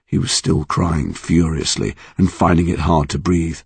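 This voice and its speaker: A man's voice: low voice, steady tone, measured pace, vocal fry, a little mellow, slightly rough, dry recording. A man narrating a story in a dramatic, emotionally charged reading. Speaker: audiobook narrator.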